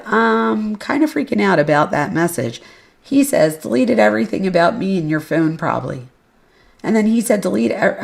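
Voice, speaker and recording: A woman's voice: on the low side, vocal fry. A woman hosting a podcast, reading case records and message exchanges aloud with casual, blunt asides. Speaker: podcast host.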